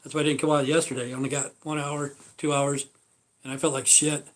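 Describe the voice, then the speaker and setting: A man's voice: fairly high pitch, little pitch movement, brisk. A man hosting a casual livestream, talking in a rambling, profane way with many fillers. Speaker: livestream host.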